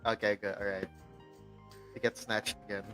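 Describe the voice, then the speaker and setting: A man's voice: on the low side, flat delivery, normal speed, a bit bright, faint music behind. A man chatting casually as a player in a tabletop game. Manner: easygoing, laughs often. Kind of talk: casual chat.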